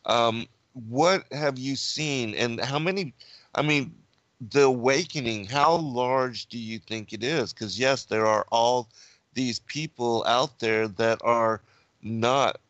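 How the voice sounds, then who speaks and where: A male host leading a casual roundtable, mostly murmuring agreement and then posing long, meandering questions. He speaks slowly and without hurry. The audio is dry and muffled, like a lo-fi online stream. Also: medium pitch, fairly bright tone, no echo. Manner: slow, with brief affirmations and meandering questions. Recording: dull lo-fi audio.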